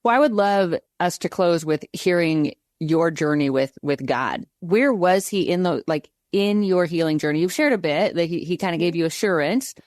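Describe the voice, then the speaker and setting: A woman hosting a podcast interview, with short affirming reactions and gentle questions. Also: fairly low pitch, lively intonation, normal speed, few pauses, no room sound, clean studio sound. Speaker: podcast host.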